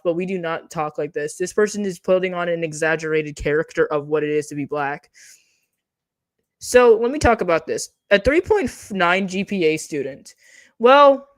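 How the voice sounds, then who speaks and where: In a dry recording, a woman with a fairly low voice streams commentary on online drama. She reads posts aloud and tears them apart in a profane, mocking rant.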